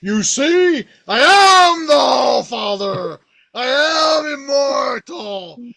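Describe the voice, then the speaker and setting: Man acting out a defiant god figure, high strained shout, slow declaiming, loud. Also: expressive, gravelly, heavily acted. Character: self-proclaimed immortal god, male, defiant.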